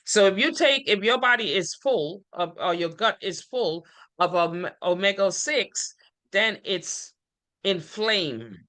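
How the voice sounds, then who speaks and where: A woman hosting an online talk show, calmly explaining a health point over a video call. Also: mid-range voice, slow, dry recording.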